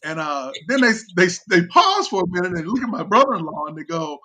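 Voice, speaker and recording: A man's voice: high-pitched, big pitch swings, a little fast, pushed and bright. A man on a video call telling a funny family story, chuckling often, full of fillers, and mimicking his relatives. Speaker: guest storyteller.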